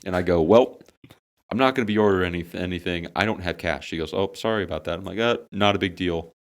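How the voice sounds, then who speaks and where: A man's voice: deep voice, quick pace. A young man, telling a funny story with plenty of swearing on a casual podcast among friends. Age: young adult. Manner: animated, swearing, dramatic comic storytelling. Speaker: podcast co-host.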